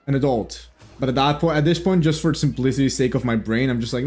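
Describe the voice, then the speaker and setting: A man's voice: mid-range voice, quick pace, darkish tone. Rambling, joking man reacting to a game. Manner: rambling, joking, frequent restarts and laughs. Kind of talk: casual gameplay commentary.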